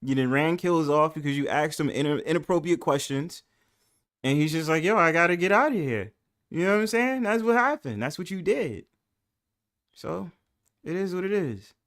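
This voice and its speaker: A man with a New York accent hosting a casual livestream panel, laughing often and cursing freely, swinging between loud bursts and low mumbles. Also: expressive, moderate pace.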